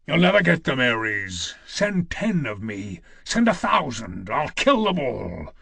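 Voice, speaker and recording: A man's voice: mid-range voice, very animated, slow pace, creaky, pushed and bright, husky, no echo, full character voice. A man voicing a grim, vengeful older male warrior in an audiobook, speaking with defiant intensity. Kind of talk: audiobook character voice.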